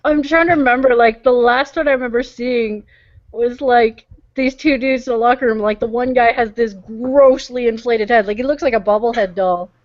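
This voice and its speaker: A woman's voice: fairly high pitch, moderate pace. A woman chatting on a podcast, talkative and amused, swearing now and then. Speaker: podcast co-host. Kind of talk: casual chat. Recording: dull lo-fi podcast audio.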